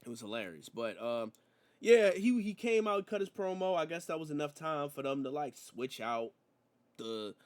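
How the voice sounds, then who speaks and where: A man's voice: on the high side, normal speed. A man reviewing a wrestling show in a slangy, rambling, casual chat. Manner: slangy, rambling, animated storytelling.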